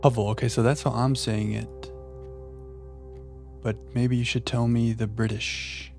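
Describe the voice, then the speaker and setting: A man streaming a puzzle game live, chatting playfully with viewers and thinking out loud. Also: medium pitch, flat delivery, measured pace, vocal fry, faint music behind. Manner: playful, chatting to viewers while musing aloud. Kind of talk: live gameplay commentary.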